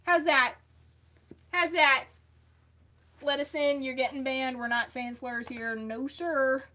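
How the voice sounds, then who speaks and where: Woman livestream host, slightly high and bright, casual reply-to-chat delivery, worn voice. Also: fairly even intonation, slow. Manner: reads viewer comments aloud and replies. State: losing her voice.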